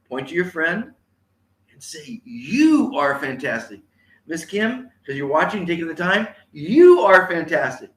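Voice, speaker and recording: A man's voice: fairly high pitch, pushed and bright, roomy sound. A man giving an enthusiastic live-streamed motivational talk, repeating catchphrases and urging viewers to say them aloud. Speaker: motivational speaker. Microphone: on camera, live stream.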